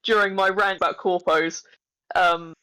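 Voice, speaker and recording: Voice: mid-range voice, fairly even intonation, unhurried, pushed and bright, clean tone, no room sound, low-quality recording. A podcast co-host chatting casually and teasing the other host playfully. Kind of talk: casual chat.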